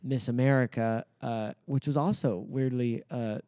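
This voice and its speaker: Medium-pitched and fairly even, this podcast co-host talks at a moderate pace in a smooth, dark tone. Amused, he rambles through recaps of comedy sketches with lots of filler words in relaxed conversation. The recording is dry and studio-clean.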